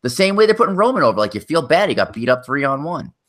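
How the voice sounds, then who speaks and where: A man co-hosting a podcast in casual chat, animated and joking. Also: on the high side, fast. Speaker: podcast co-host.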